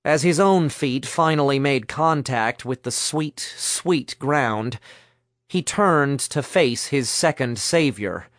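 A male narrator reads a story in a measured, steady voice. He speaks unhurriedly and keeps an even tone. The recording is dry and close. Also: medium pitch, no echo. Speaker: audiobook narrator. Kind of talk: scripted narration.

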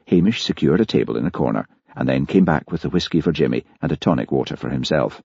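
A man narrating an audiobook in a measured, expressive storytelling manner, recorded dry and slightly dull. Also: rumbling low, creaky, breathy edge, dry recording. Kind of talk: scripted narration.

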